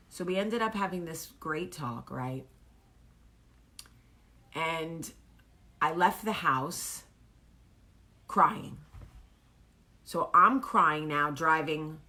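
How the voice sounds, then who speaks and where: A woman in her thirties with a deep, bright voice and forceful tone hosts her own vlog show. She delivers a casual monologue, telling a candid, chatty story about her day.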